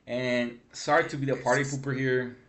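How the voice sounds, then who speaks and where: A man's voice: mid-range voice, little pitch movement, normal speed, fairly bright tone. A young man giving a casual gaming news rant, rambling and frustrated, swearing and saying "bro" a lot.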